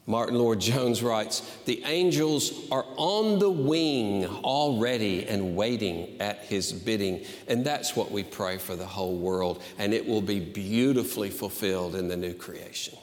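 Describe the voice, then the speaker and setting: A man's voice: lowish voice, big-room sound. A man preaching a sermon as pastor, earnest and emphatic in his delivery. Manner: earnest, emphatic, slow and deliberate.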